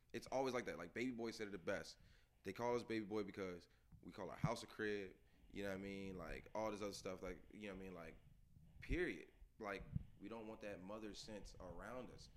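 A man's voice: lowish voice, fairly bright tone. A man hosting a casual podcast chat, talking in slang with rambling, restless phrasing. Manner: slangy, rambling, quick bursts.

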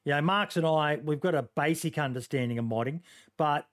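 Casual Aussie male host, smooth tone, stop-start delivery full of fillers. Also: on the high side, brisk, fairly bright tone. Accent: Australian. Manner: hesitant, lots of ums, joking. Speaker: podcast host. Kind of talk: casual podcast chat.

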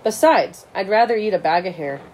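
A woman's voice: medium pitch, lively intonation, brisk, darkish tone, a little hiss or hum, lightly acted, poor audio. A woman voicing an easygoing teenage brother who teases his little sister. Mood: teasing. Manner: easygoing, teasing. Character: teenage brother, joking mechanic type.

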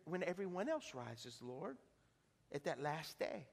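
A pastor preaching an impassioned sermon, swinging from hushed to shouting. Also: male voice, on the high side, expressive, normal speed, gravelly. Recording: long reverb of a large hall.

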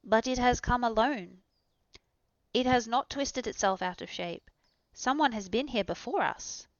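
A woman's voice: a little high, a little slow, no echo, voice pushed up. A woman reading aloud, voicing an eager, curious young male explorer who speaks in earnest exclamations. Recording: dull, dry recording.

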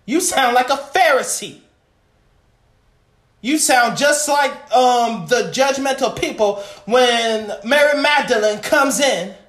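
Preacher going hard at the congregation, slow and fiery, echoey room. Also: medium pitch, fairly bright tone. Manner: impassioned, calls out to the congregation. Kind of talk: sermon.

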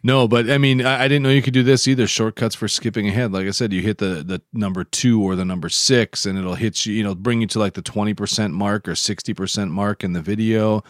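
A man's voice: fairly low pitch, fairly even intonation, brisk, few pauses, no echo, studio quality. A man co-hosting a podcast, explaining app tips in casual, rambling chat. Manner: rambling, self-correcting explainer. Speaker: podcast co-host.

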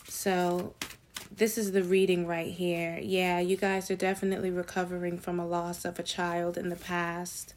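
A woman giving a casual tarot reading to her viewers, chatty and slangy with excited asides. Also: fairly low pitch, normal speed. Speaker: tarot reader.

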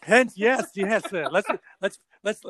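A middle-aged man, a drummer who used to skate professionally, tells stories in a casual interview. His voice is high-pitched and slow with no room sound, and he animatedly acts out voices and sound effects.

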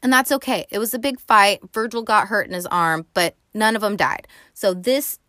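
A woman hosting a movie show, recapping a film in an animated, profane, slangy way. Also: mid-range voice, normal speed, no echo, studio quality. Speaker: movie podcast host.

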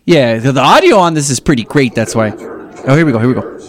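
A man co-hosting a podcast, chatting casually about sports with an animated, swearing, laughing manner. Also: mid-range voice, fast talker, no room sound. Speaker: podcast co-host.

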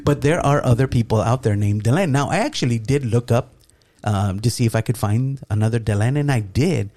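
Animated storytelling man with mellow voice. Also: medium pitch, brisk. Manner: animated, acts out quoted dialogue, laughs often. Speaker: podcast co-host. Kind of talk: casual storytelling chat.

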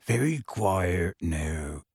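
A man voicing a huge, gentle half-giant man who is anxious and close to tears, speaking in hushed, earnest tones with rustic grammar. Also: medium pitch, lively intonation, slow, creaky, husky, no echo, full character voice.

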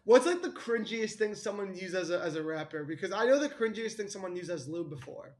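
Young dude on a podcast, high voice, stumbles and restarts, crude casual chat. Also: male voice, animated. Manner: rambling, halting restarts, laughs at own jokes. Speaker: podcast co-host.

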